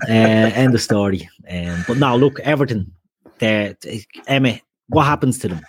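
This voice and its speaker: Male podcast host, husky and low, dry close sound, casual bantering football chat. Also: expressive, moderate pace, no room sound. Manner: banter, jokey asides to listeners.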